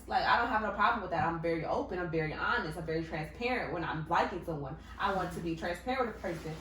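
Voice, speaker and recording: A woman's voice: medium pitch, lively intonation, fast, hardly any pauses, a bit bright, a little hiss or hum. A blunt, outspoken woman chatting casually, cursing freely and playing out little scenes of dialogue as she talks. Her voice sits a bit back from the mic, and the room around her rings. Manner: candid, blunt, swears freely, acts out quoted dialogue. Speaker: podcast host. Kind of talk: casual chat. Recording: roomy, from a distance.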